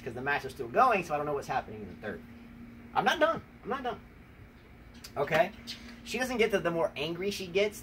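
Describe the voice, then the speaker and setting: A man's voice: a little high, a bit bright. An American man hosting a tennis talk show, playfully trash-talking his wife in a rambling, teasing way. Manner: teasing, rambling, repeats "number one, okay?". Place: outdoors on a rainy day. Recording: distant mic with faint ambient noise.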